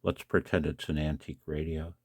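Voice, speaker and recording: A man's voice: extremely low pitch, flat delivery, a little fast, a little mellow, dry recording, clean studio sound. A tired man, up late at night, casually demonstrating a hobby device and chatting to the viewer with questions and chuckles.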